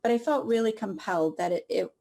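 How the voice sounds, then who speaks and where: A woman sharing a personal story in an emotional, heartfelt way, pausing often and laughing softly through tears. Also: mid-range voice, gravelly. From Southern California.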